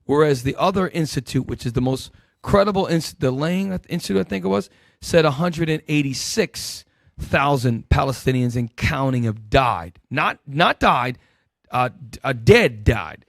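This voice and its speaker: A man leading a Bible teaching sermon, calling out verses and swinging between loud emphatic bursts and low asides. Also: normal speed, vocal fry, no room sound. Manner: calls out verses and directs helpers.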